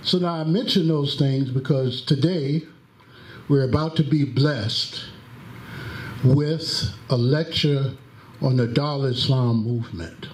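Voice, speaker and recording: A man introducing a lecture in a mosque hall, telling stories in a deliberate, drawn-out way and acting out the quotes. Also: medium pitch. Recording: echoey hall with faint background noise.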